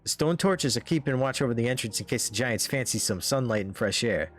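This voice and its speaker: A man's voice: mid-range voice, expressive, faint music behind, natural voice. A man voicing a blunt male mine worker in a put-on regional accent while reading game dialogue. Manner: brisk and blunt.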